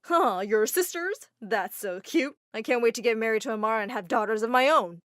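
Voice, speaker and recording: A woman's voice: fairly high pitch, animated, a little fast, fairly bright tone, no room sound. Casting: woman as smug young man, clingy and menacing, dry close voice, storybook. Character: pushy young male fiancé, smug and threatening.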